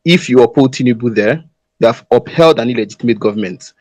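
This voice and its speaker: A pastor speaks in a serious, measured way, pausing with small fillers. His voice is mid-pitched and sounds dry and close. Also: darkish tone, no room sound, rough recording. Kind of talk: political comment in an audio chat.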